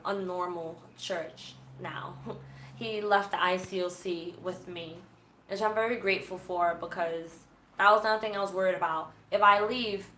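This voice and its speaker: A woman talks straight to her viewers in a bright, forceful voice, candid and sarcastic as she tells her stories. The room gives her voice a noticeable echo. A faint hum sits underneath. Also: lowish voice. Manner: candid, sarcastic, animated storytelling. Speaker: host of a livestream on leaving a church group. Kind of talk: casual livestream chat, reading viewer comments.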